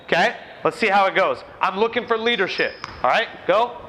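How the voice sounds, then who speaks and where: A man running a basketball coaching clinic in a gym, giving brisk, commanding drill instructions to players and explaining the ideas to coaches. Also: high-pitched, animated, noisy background. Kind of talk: on-court coaching demonstration. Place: indoor gym.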